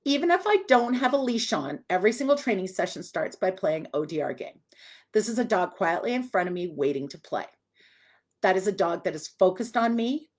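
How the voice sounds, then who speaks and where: A woman's voice: mid-range voice, animated, fairly quick. A woman dog trainer giving a live online lesson, chatty and direct, now and then putting on a voice for the dog.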